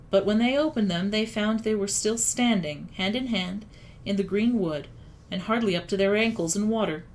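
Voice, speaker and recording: A woman reading a children's story aloud in a calm, even storytelling manner. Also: medium pitch, slight background noise. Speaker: audiobook reader. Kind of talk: storybook narration.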